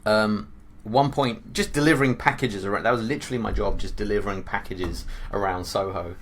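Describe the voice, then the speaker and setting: A man, a podcast guest, telling his story in a relaxed casual chat with dry, teasing humour. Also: lowish voice, fairly quick. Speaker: podcast guest, visual effects supervisor. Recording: faint background noise.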